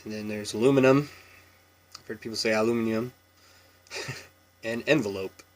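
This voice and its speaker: This fairly low-pitched man, in his thirties and speaking at normal speed, has a Washington State accent and comes from there. Doing an accent tag, he rambles easily with lots of ums and little laughs.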